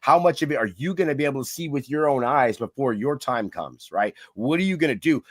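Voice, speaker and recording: A man's voice: medium pitch, lively intonation, quick pace, a bit bright, no echo. Earnest motivational man, dry sound. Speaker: podcast co-host. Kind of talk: casual chat.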